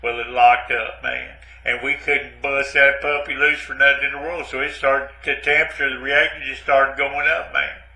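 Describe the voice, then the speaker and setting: A man doing a gravelly, rambling vet. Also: medium pitch, level tone, normal speed, hardly any pauses, pushed and bright, roomy sound, rough recording. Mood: mournful. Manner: rambling, repeats "man" and "but anyway", stammers. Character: rambling self-pitying Southern ex-Navy man, melodramatic. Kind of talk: comic monologue in character.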